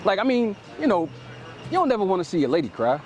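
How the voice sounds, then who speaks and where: A man's voice: high-pitched, fast, a little hiss or hum. A man preaching outdoors, explaining scripture in loose street slang and tagging phrases with "man". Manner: lively and emphatic, paraphrases scripture in street speech.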